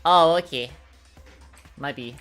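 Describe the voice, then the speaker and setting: A woman streamer with a naturally low voice, chatting self-consciously with many fillers while recording lines. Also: takes it slowly, fairly bright tone, faint music behind.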